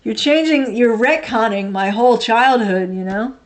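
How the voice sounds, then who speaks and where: A woman's voice: on the high side, expressive, normal speed. A woman in her thirties hosting a livestream, chatting casually and answering viewer comments in a rambling, blunt way with frequent laughter. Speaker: livestream host.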